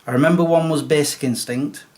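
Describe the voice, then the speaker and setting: A man's voice: on the high side, fairly quick, a little mellow. A man, a vlogger, casually telling stories about his father and chuckling as he goes. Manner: reminiscing, chuckles while telling anecdotes. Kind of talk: casual storytelling monologue.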